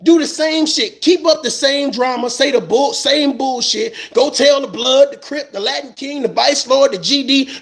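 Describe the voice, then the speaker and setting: A man's voice: extremely high pitch, measured pace, gravelly, few pauses. A man in a fired-up, profane rant, repeating words when he gets heated. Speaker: commentator. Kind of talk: impassioned rant.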